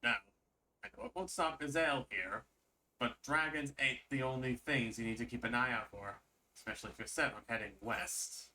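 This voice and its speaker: Male reader voices a blunt rustic hunter chief, colloquial and gruff. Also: mid-range voice, normal speed, bright, forceful tone, slight background noise.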